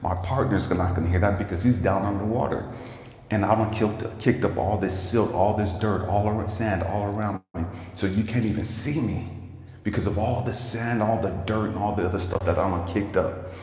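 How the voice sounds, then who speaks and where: A man's voice: lowish voice, steady tone, moderate pace, darkish tone. A man, a life coach, telling a livestreamed motivational story in an emphatic, casual way, swearing freely and talking straight to his viewers. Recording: echoey room with long reverb and faint noise.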